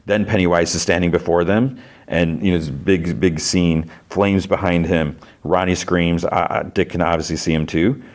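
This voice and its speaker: Podcast host, deep-voiced man, chatty recap style with filler words. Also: steady tone, moderate pace. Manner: chatty, many fillers, briefly acts out quoted lines. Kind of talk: casual episode recap.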